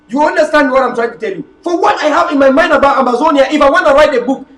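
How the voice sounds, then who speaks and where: A man, an activist delivering a fiery, repetitive rhetorical monologue to his video audience, sometimes shouting. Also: very high-pitched, fast, hardly any pauses, distant mic. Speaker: political activist. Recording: echoey room, voice off-mic.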